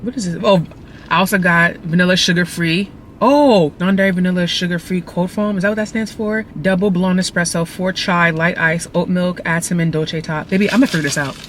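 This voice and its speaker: Animated slangy woman vlogging. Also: fairly low pitch, fairly quick, a little hiss or hum. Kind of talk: casual vlog chat.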